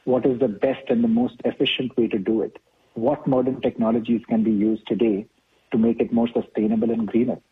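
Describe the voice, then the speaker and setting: A man being interviewed as a company executive, explaining in a measured way. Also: mid-range voice, little pitch movement, husky. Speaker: chief operating officer, guest. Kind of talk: interview answers. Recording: tinny phone-like line.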